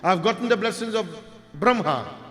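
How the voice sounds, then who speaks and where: A man voicing an enraged, proud warrior sage who shouts threats in a devotional storytelling. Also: high-pitched, animated, fairly quick, roomy sound, big-room sound, voice pushed up.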